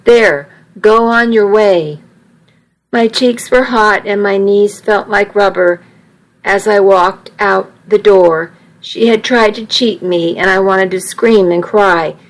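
A woman's voice: mid-range voice, fairly even intonation, takes it slowly, low-quality recording. A woman reading a first-person story aloud, with small slips and restarts as she goes. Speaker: narrator.

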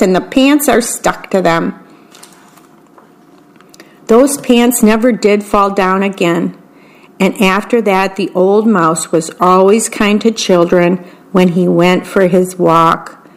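A woman reads children's bedtime stories at a slow, gentle pace. She describes each picture as she goes, in the calm manner of a volunteer radio reader. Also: medium pitch. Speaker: volunteer reading-service broadcaster.

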